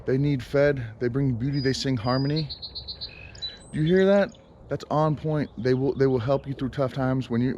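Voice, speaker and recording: A man's voice: medium pitch, a little mellow, a little hiss or hum. A man talking casually outdoors in his yard for a vlog, rambling and exasperated, with many fillers and restarts. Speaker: vlogger.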